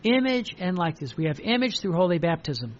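A man's voice: high-pitched, big pitch swings, fairly quick, lo-fi sound. A man preaching a devotional sermon with fervor and repetition, reading passages aloud. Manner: fervent, repetitive, reads quoted passages aloud.

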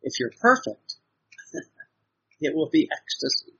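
A man's voice: a little high, sing-song, slow pace, vocal fry, sharp tone, slightly rough. A man giving an earnest devotional sermon, exhorting his listeners with repeated phrases and frequent restarts, heard on a dull lo-fi recording. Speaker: preacher.

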